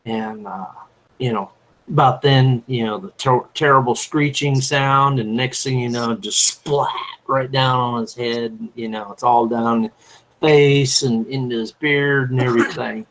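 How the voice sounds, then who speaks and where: A man's voice: medium pitch, fairly even intonation, a little slow, fairly bright tone, low-quality recording. A man on a panel telling a long story in a loose, rambling way, filling his talk with "you know". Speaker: panel guest. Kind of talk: casual storytelling.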